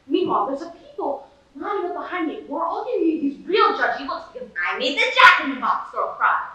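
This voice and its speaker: Brief: sardonic washed-up male horse star, played by a teenage girl, higher pitch, heard from afar in a booming hall. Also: sing-song, a little fast, pushed and bright, dull audio, heavily acted. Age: late teens. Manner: sardonic, rambling, self-pitying. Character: bitter middle-aged male horse, washed-up sitcom star. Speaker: student competitor. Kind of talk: competitive dramatic monologue. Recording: echoey hall from far off.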